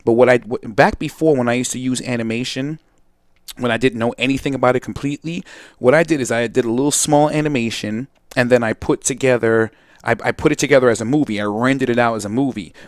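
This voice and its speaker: A young man talks through a software tutorial in a loose, rambling way, drifting off topic and restarting his sentences. His voice sits at a middle pitch. The recording is dry, with no room sound. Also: fast talker, no echo. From Brooklyn, New York. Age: young adult. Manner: rambling, digressive, restarts often, talks straight to viewers. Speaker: host and video editing tutor.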